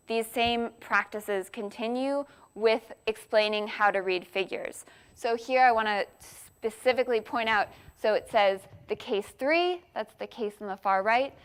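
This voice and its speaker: A woman's voice: mid-range voice, fairly bright tone, clear, resonant tone. A woman giving an academic conference talk, explaining points step by step with frequent fillers and restarts. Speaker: workshop speaker.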